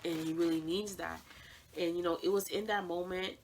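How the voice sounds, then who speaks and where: A woman's voice: fairly low pitch, steady tone, a little fast, a little hiss or hum, low-quality recording. A young woman sharing a personal faith testimony, earnest and heartfelt, often repeating her phrases for emphasis.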